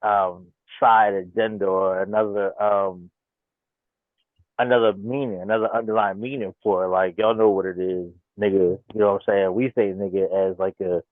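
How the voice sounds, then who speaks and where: Low-voiced man on a tinny phone line. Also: fairly even intonation, moderate pace, no room sound. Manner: loose, slangy talk with filler. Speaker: panel guest. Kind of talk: casual online panel chat.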